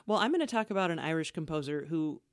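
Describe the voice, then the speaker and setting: A woman radio host co-hosting a podcast in casual chat, with a smooth, measured presenter delivery that turns conversational. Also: sits low, expressive, no room sound, studio quality.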